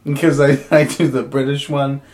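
A man's voice: mid-range voice, normal speed. A man in his twenties chatting casually as a podcast co-host, telling stories with lots of laughter and swearing. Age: 20s. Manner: animated storyteller, laughs often, swears freely. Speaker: bank teller. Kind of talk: casual chat.

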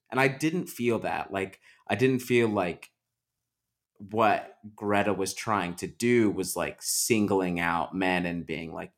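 A man's voice: deep voice, slow pace. A man hosting a podcast, talking at length in a casual movie discussion, full of likes and restarts. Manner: talkative, many likes and restarts. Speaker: podcast host.

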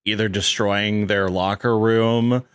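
A man with a fairly low voice chats casually on a podcast, rambling through his ideas with frequent fillers and restarts. The sound is close and dry. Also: steady tone, slow pace, fairly bright tone, clear, resonant tone, no room sound. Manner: rambling, full of likes and restarts, laughs often. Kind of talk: casual chat.

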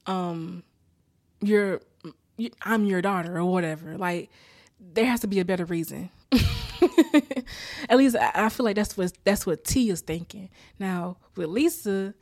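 Animated woman recapping a show, dry sound. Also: mid-range voice, a little slow, dry recording. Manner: animated, laughing, acting out character lines. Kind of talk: casual recap chat.

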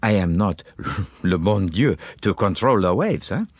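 A man's voice: deep voice, expressive, a little slow, no room sound, studio quality. A man voicing a fussy, precise Belgian detective, courtly and mildly amused, in an audiobook. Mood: dismissive.

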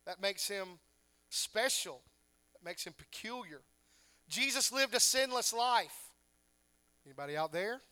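Male pastor, high bright voice, preaching with emphatic rhetorical questions. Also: animated, unhurried, pauses often. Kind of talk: sermon.

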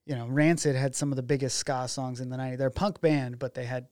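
This Oregon man, a documentary filmmaker appearing as a guest, chats casually in an interview and acts out the dialogue in his stories as an animated storyteller. His mid-range voice moves fast, with studio-quality sound and no room noise.

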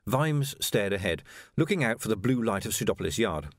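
A man narrating a novel in an expressive, animated storytelling way. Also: on the low side, a little fast, no echo, clean studio sound. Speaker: audiobook narrator. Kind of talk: scripted narration.

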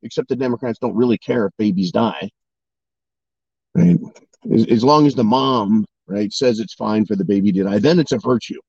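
A political commentator with a lowish, creaky, husky, darkish voice speaks at a moderate pace in an echo-free recording that sounds dry, dull, and lo-fi. In his opinion monologue he fires off rhetorical questions, frequently asking his audience "right?"

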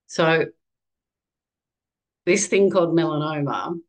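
An Australian woman in her fifties, a podcast guest telling her own story in a candid, animated conversational way. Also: sits low, low-quality recording. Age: 50s.

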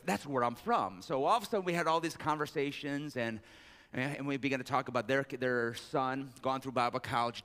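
A man preaching a sermon as pastor, joking with the congregation between scripture readings. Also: fairly bright tone. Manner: jokey asides, reads scripture with raised pitch. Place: large church sanctuary. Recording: long hall reverb.

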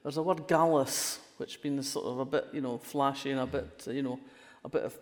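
This is a very deep, darkish female voice with fairly even intonation and a fairly quick delivery. The speaker is an older crime writer from Fife with a Scottish accent, a guest in a conversational interview who shares wry anecdotes and keeps restarting sentences. Long hall reverberation surrounds her.

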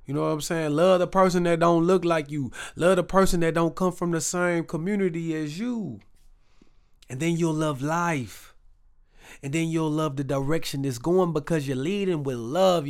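A man's voice: a little high, moderate pace, smooth. A man from Texas with a Southern accent, hosting a casual solo podcast in a chatty, repetitive, hyped-up way. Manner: chatty, repetitive, hype call-and-response phrasing. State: recovering from a rough voice. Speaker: podcast host.

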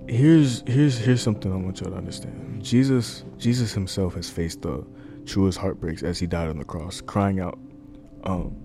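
A man's voice: sits low, normal speed, over music. A man preaching an informal sermon into a microphone, earnest and conversational, repeating key lines and using fillers. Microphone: desk microphone.

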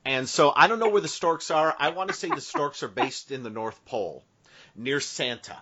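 A man's voice: a little high, normal speed, noisy background. Man spinning a meandering tall tale. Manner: playful, meandering storytelling with many asides. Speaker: podcast host. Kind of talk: casual podcast banter. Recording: dull lo-fi podcast audio.

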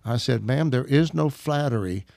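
A man's voice: mid-range voice, expressive, normal speed, a little mellow, dry recording, clean studio sound. A man from Arkansas telling a story in casual conversation, chuckling as he goes. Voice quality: gravelly, laughs while telling stories.

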